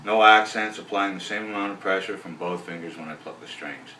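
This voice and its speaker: Low-voiced man teaching bass, roomy. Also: brisk, faint music behind. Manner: relaxed, rambling explanations with fillers, counts beats aloud. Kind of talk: casual video lesson. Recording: roomy, voice from a distance off the mic.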